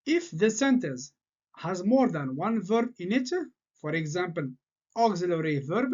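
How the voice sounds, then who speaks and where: A man whose first language is French, teaching an English grammar lesson and laying out word-order patterns slowly and deliberately. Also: sits high, sing-song, a little mellow. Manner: slow, deliberate explaining with repeated patterns. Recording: slightly dull lo-fi sound.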